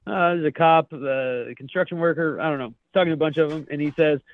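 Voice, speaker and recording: A man's voice: a little high, fast talker. A man co-hosting a podcast, chuckling as he reads out memes in a casual, jokey chat. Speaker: podcast co-host. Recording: tinny phone-like line, dry.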